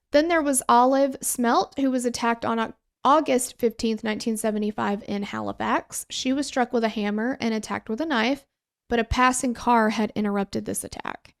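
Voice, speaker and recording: A woman with a high voice co-hosts a true crime podcast. She talks casually and animatedly, full of fillers and exasperated asides, as she walks through the case. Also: moderate pace, creaky, fairly bright tone. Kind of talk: casual conversational storytelling.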